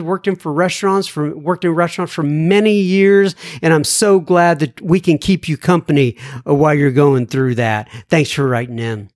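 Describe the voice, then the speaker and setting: A man with a slight Southern American accent hosting a podcast, reading listener letters in a lively, joking way. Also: fairly high pitch, dry recording, clean studio sound. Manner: lively, jokey, animated when reading, turns somber. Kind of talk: casual podcast chat.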